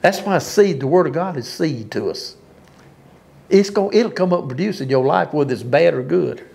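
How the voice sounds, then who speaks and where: A man's voice: on the high side, animated, normal speed, vocal fry, darkish tone. Folksy preacher man, emphatic. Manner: folksy, emphatic, laughs at his own lines. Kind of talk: informal sermon.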